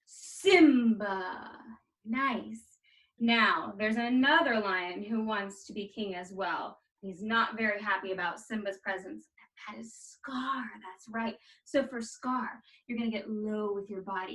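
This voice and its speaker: Energetic woman teaching artist, slightly distant. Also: medium pitch, normal speed. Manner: energetic, encouraging. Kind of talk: guiding a movement warm-up.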